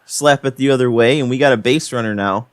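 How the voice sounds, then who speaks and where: A man's voice: mid-range voice, brisk, clear, resonant tone, dry recording. A young man giving casual play-by-play commentary on his own video game, frustrated and self-deprecating. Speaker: gaming channel host. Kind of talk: gameplay commentary.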